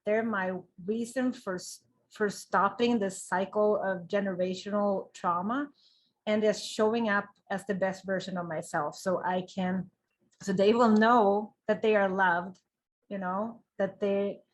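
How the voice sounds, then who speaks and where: A woman's voice: mid-range voice, fairly even intonation, a little slow. Woman, Swedish accent, interview guest, candid personal story, open, wry humor. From Sweden.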